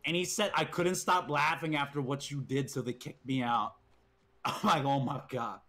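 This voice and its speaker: Young streamer dude, bright voice, tells wild stories, swears a lot, laughs along. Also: male voice, a little high, moderate pace. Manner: swearing, laughing, animated quoting of friends. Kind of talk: casual storytelling chat.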